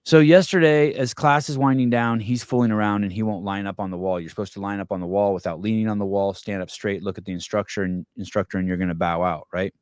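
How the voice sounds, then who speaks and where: A man with a fairly low voice hosts a podcast and spins a rambling, profane anecdote, full of restarts and asides. His delivery is animated and chatty. The recording is close and dry, with no room sound. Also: fast talker, hardly any pauses, clean tone, no room sound. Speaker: podcast host. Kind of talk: casual storytelling.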